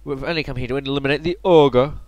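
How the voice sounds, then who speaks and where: A man playing a threatening cult thug who talks down to a kid with calm menace. Dismissive and sure of his power. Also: mid-range voice, quick pace, no echo, natural voice. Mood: menacing. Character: threatening male cult member.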